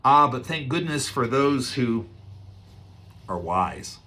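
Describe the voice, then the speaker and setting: A man's voice: medium pitch, slow, long pauses. Conversational male preacher. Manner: conversational, animated retelling with chuckles. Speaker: pastor. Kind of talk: sermon.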